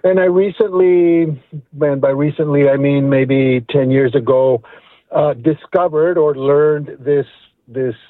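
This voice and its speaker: A man's voice: fairly high pitch, unhurried, no echo. A middle-aged man calling in to a radio show, speaking earnestly and reflectively and repeating words as he thinks. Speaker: caller. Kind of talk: phone call to a radio show. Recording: tinny phone line.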